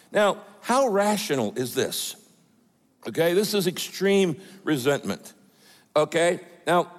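A male pastor preaching a sermon with lively, emphatic delivery and quoted asides. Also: on the high side, long reverb tail.

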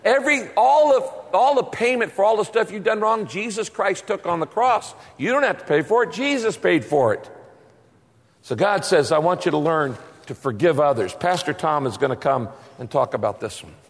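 A man's voice: sits high, expressive, normal speed, breathy edge, in a large hall. A man preaching a sermon as pastor, telling stories with comic timing.

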